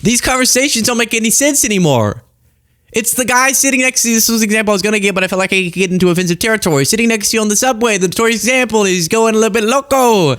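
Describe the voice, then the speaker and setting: A man's voice: sits high, very fast, fairly bright tone. A man hosting a political commentary show, talking casually and sarcastically, acting out exaggerated voices.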